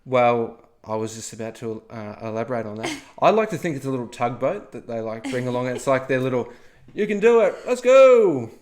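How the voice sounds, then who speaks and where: A man's voice: medium pitch, fairly quick, hardly any pauses. A man co-hosting a history podcast, telling the story in a playful, joking way with lots of asides. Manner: playful, jokey asides, frequent "okay?". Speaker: podcast co-host.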